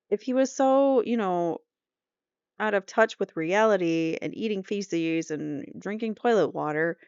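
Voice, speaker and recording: Gravelly-voiced woman recapping a trial. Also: fairly low pitch, no room sound, dull audio. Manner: conversational, reads quotes aloud, trails off into asides. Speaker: true crime channel host. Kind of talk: casual commentary recap. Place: home room.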